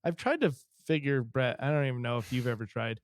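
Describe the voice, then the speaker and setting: A man's voice: medium pitch, brisk, no room sound, studio quality. A man co-hosting a casual podcast, rambling with many fillers and restarts as he thinks aloud. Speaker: podcast co-host. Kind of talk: casual chat.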